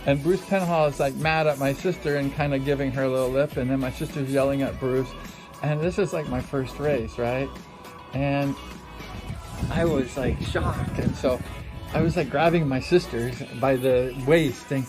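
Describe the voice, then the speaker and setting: A middle-aged man casually telling a story, rambling with many fillers and acting out quotes with sudden high exclamations. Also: steady tone, moderate pace, music in the background. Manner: rambling, frequent "you know, like" fillers. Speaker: livestream host telling a racing story.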